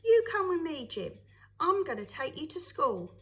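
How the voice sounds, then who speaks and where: A woman's voice: high voice, very animated, moderate pace, pitched above the performer's own voice. A woman reading aloud, voicing a kindly working girl who talks breathily and chattily between wheezes. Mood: eager.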